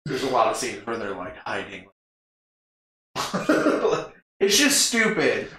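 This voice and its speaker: A man's voice: medium pitch, wildly swooping pitch, takes it slowly, pushed and bright. A man co-hosting a podcast, casually recapping a movie in a rambling way, laughing often and swearing freely. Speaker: podcast co-host. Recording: echoey room.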